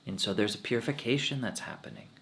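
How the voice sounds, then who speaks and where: A man giving a spiritual talk as a swami, telling personal stories in a relaxed way with frequent laughter. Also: mid-range voice, quick pace.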